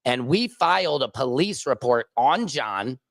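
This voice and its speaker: A man's voice: medium pitch, very animated, unhurried, no echo. A man hosting a casual livestream, telling rambling anecdotes full of fillers and asides. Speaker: host. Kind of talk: casual livestream chat and storytelling.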